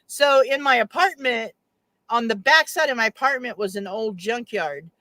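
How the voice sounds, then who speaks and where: Bright-voiced woman telling a story. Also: fairly high pitch, moderate pace, no room sound. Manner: animated storytelling. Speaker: guest. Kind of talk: casual chat.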